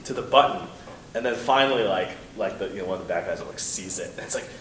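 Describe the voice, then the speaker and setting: A man's voice: low-pitched, fast, fairly bright tone. A man telling a long story as a panel guest at a convention, rambling with lots of fillers and restarts. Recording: echoey hall from far off, noisy.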